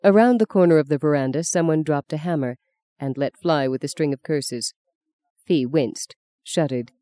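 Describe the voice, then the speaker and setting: Audiobook narrator, woman, measured and even; dark, lowish tone, dry close mic. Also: dry recording. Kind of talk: scripted narration.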